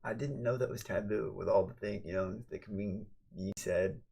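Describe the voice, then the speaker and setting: A man livestreaming a late-night casual chat. He rambles and swears, and swings from low mumbles to loud, excited shouts. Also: moderate pace, creaky, slightly rough.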